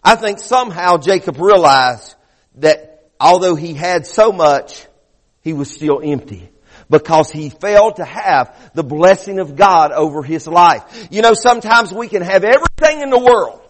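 Brief: middle-aged man, pastor, high voice, fervent sermon with stuttering restarts, long church reverb. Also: lively intonation, measured pace.

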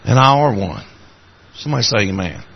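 A man with an Appalachian accent preaching a sermon, telling folksy stories in a voice that climbs high and cracks when he is moved. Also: big pitch swings, fairly quick, vocal fry, slightly rough, lo-fi sound.

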